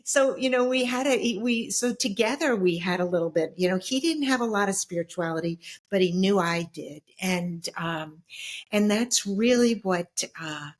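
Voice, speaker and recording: A middle-aged woman telling her personal story as an interview guest, reflective and halting, with many fillers and restarts. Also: medium pitch.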